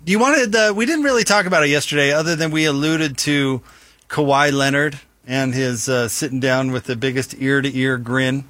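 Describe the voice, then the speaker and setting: A man's voice: medium pitch, normal speed, a bit bright, no room sound. A male sports radio host chats on air in a wry, rambling way, circling back and restarting his sentences. His voice sits in an ordinary middle range and comes over a close studio microphone with a very dry, dead sound. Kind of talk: casual on-air banter.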